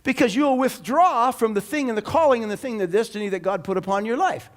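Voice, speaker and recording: A man with a strikingly high voice delivers a church sermon. His preaching is animated and emphatic, with sudden loud bursts for emphasis. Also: quick pace. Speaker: pastor.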